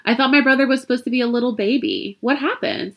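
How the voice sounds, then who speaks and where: A woman voicing an upset, stubborn young girl in a read-aloud story, with a higher, pleading tone. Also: fast talker, a bit bright. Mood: plaintive.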